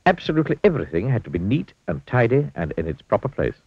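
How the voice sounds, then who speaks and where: A man reading a children's storybook aloud in a playful, expressive way. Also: mid-range voice, fast talker, slightly rough, dry recording. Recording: dull lo-fi dry recording.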